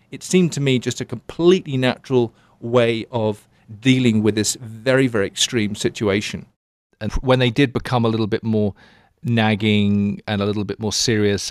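A middle-aged man recounting an ocean voyage in a reflective, halting way, often restarting words. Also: on the low side. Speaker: ocean adventurer. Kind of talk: recounting a story in an interview.

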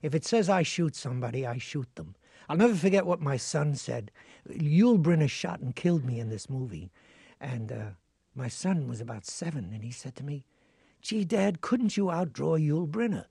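Older actor guest with a gravelly voice, lively storyteller, dry close sound. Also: male voice, medium pitch, moderate pace, no room sound. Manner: animated storyteller who acts out voices and laughs. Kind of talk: interview storytelling.

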